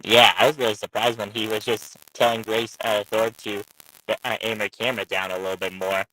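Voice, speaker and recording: A man's voice: fairly low pitch, little pitch movement, a little fast, pushed and bright, dry recording, rough recording. A man calling in to a live stream, rambling with lots of uhs and restarts. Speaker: caller on the stream. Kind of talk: casual chat.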